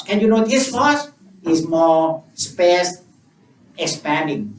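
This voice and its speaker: A Buddhist monk with an Indonesian accent leads a meditation in slow, simple, repetitive English, leaving long gaps between his words. He is heard from a distance in a reverberant hall, with a faint hum of room ambience behind him. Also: high-pitched, lively intonation. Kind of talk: guided meditation teaching.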